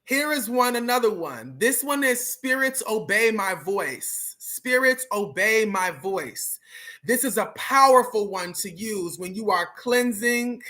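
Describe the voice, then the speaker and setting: A spiritual teacher on a livestream, chanting syllables slowly and deliberately and laughing at themselves between chants. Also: medium pitch, lively intonation, sharp tone.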